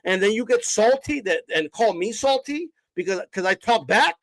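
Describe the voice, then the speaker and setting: A man's voice: high-pitched, animated, moderate pace, a bit bright, no echo, low-quality recording. Profane, heated male stream host. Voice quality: profane, confrontational, mocking. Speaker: boxing streamer. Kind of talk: heated live-stream rant.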